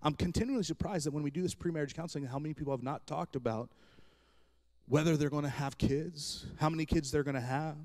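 A man's voice: a little high, fast talker, darkish tone. A man in his thirties preaching a humorous sermon, telling stories from his own marriage with self-deprecating jokes. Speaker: pastor.

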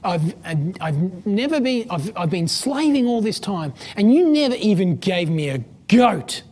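A woman's voice: medium pitch, very animated, unhurried, dark tone. A woman voicing an indignant older brother. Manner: complaining, self-righteous. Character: resentful older brother, grown man, indignant.

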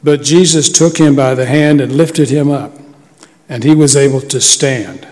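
A man giving a measured, solemn scripture reading in a church. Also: medium pitch, darkish tone. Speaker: scripture reader. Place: church sanctuary. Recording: long church reverb.

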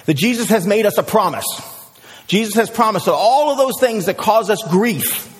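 A male pastor preaching a sermon, who tells the story with lively energy and then drops to a hushed prayer. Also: high-pitched, moderate pace, big-room sound. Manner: animated storyteller, swings from excited shouts to hushed prayer.

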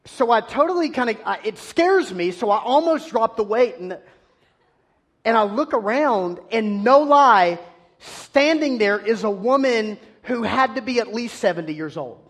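A man preaching a sermon, telling an animated, self-deprecating story about himself. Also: sits high, measured pace.

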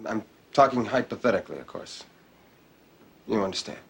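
A man's voice: on the low side, animated, normal speed, gravelly, a bit bright, breathy edge, heavily acted. An actor playing an awkward, defensive male cop in a TV drama, evasive and hiding his feelings. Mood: flustered. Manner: evasive, flustered, hides feelings. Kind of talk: TV drama acting.

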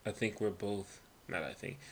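A man's voice: on the low side, moderate pace. A man in his thirties or forties, co-hosting a podcast in casual chat, telling stories with slang and frequent laughter. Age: 30s or 40s. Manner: laughing storyteller, slangy and animated. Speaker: podcast co-host.

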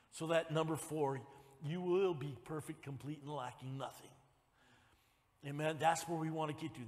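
A man preaching a sermon in a church, folksy, dropping "amen?" asides and building up to shouts. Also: on the high side, big-room sound. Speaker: pastor. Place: church sanctuary.

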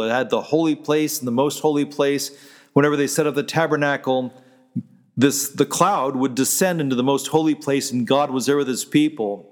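A man's voice: mid-range voice, long reverb tail. A man, a pastor, preaching a sermon in a conversational way, stopping to restart and quoting scripture.

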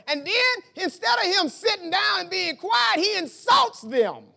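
Pastor guy preaching, really high voice, swings up n down, shouts sometimes. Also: moderate pace, gravelly. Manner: animated preaching, rhetorical questions, bursts of shouting. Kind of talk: sermon.

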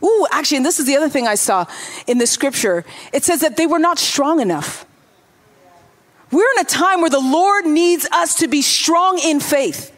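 High-pitched lady pastor preaching, lively, does little voices for the bible bits, quick asides. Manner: animated, acts out the Bible dialogue in voices; quick asides, self-interrupting. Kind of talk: sermon.

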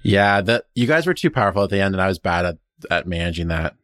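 Rambling low-voiced man, dry sound. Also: big pitch swings, fast, a bit bright, no echo. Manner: rambling, many restarts, enthusiastic. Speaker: player. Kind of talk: casual chat about a tabletop game.

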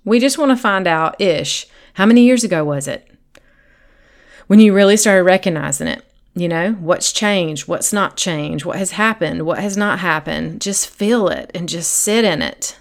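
A woman's voice: fairly low pitch, lively intonation, measured pace. Woman doing her faith-based coaching podcast, earnest and encouraging, talks right to you. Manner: earnest, encouraging, speaks directly to the listener; acts out the listener's thoughts in quotes. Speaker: podcast host and sobriety coach.

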